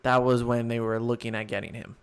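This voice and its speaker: A young man co-hosting a sports podcast in casual chat, animated and quick to laugh loudly. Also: medium pitch, smooth. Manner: animated, laughs loudly, breaks into mock impressions. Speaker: podcast co-host.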